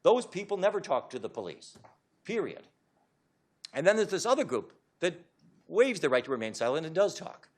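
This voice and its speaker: A man giving a public talk to an audience as an author, lecturing in an emphatic, animated way. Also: a little high, moderate pace.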